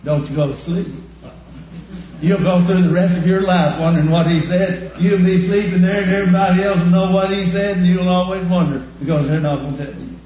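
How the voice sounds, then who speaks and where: A man preaching a sermon, telling homespun stories and repeating his points slowly for emphasis. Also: high-pitched, fairly even intonation, warm tone, muffled recording, slight background noise. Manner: folksy, homespun storytelling with slow emphatic repetition. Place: church. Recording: echoey church room.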